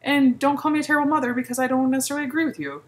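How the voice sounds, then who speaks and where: A woman's voice: high voice, steady tone, very fast. A pregnant woman in her thirties ranting in a casual vlog, blunt and sarcastic, mimicking other people's remarks. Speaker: vlogger.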